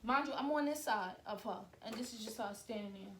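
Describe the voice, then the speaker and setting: A woman in her twenties telling a story to her viewers on camera, animated and acting out the scenes as she talks. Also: fairly high pitch, fairly quick, slight background noise. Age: 20s. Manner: animated, acts out scenes, addresses viewers directly. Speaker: vlogger. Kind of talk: storytime vlog. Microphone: camera mic.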